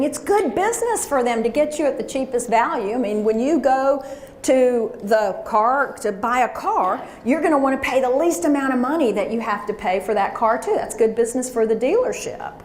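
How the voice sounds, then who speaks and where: A woman's voice: sits high, expressive, normal speed, darkish tone. A woman giving a motivational seminar talk, coaching her audience to repeat phrases after her. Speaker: professional speaker. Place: conference room before an audience. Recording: echoey room with faint hiss.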